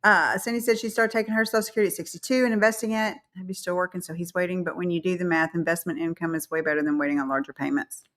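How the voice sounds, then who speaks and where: A woman's voice: fairly low pitch, steady tone, racing, hardly any pauses, fairly bright tone. A woman with a Southern American accent co-hosting a live stream in casual chat, telling chatty stories and acting out quotes. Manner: chatty storyteller, acts out quotes.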